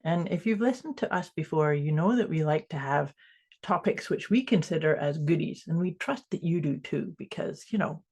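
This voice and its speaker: A woman with a Scottish accent, co-hosting a casual podcast chat remotely, playful and quick to laugh. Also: low voice, lively intonation, slightly rough. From Scotland. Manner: warm, playful, laughs often. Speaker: podcast co-host. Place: home in Canada, remote call.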